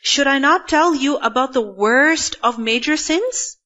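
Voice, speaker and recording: A woman's voice: high-pitched, unhurried, pushed and bright, highs cut off. A woman teaching a religious lecture, explaining step by step and often asking her listeners whether they follow. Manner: explains step by step with frequent checking questions. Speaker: Quran teacher.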